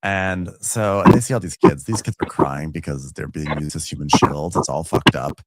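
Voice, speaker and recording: A man's voice: very deep voice, moderate pace, very noisy. A man co-hosting a podcast, chattily recapping a TV episode and acting out the characters. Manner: chatty, laughs easily, acts out the characters. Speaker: podcast co-host.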